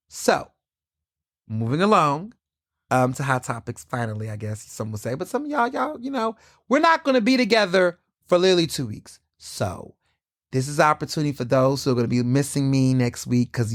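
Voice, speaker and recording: A man hosting a solo podcast, talking in a candid, sassy way, swearing freely and swinging his pitch up and down. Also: normal speed, no echo, clean studio sound. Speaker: podcast host.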